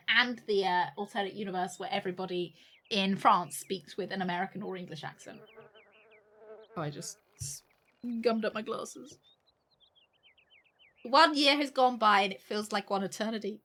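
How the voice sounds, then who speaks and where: A woman's voice: medium pitch, fairly bright tone. A woman streamer reading a game's diary entries aloud, with wry, sweary joking asides in between. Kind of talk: reading game text aloud with live commentary.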